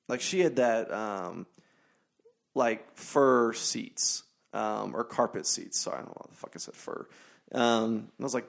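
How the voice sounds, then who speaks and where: Gravelly young man rambling on a podcast. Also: medium pitch, moderate pace. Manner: rambling, profane, storytelling with many fillers. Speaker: podcast host. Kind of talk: casual solo podcast monologue.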